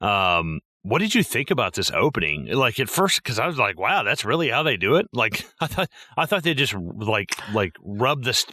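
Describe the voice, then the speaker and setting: A man with a low but bright, forceful voice riffs through a movie breakdown, profane and animated, jumping into quoted voices. His recording is dry and close, with no room sound around it. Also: moderate pace, few pauses, no room sound. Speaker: podcast co-host. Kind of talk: casual movie discussion.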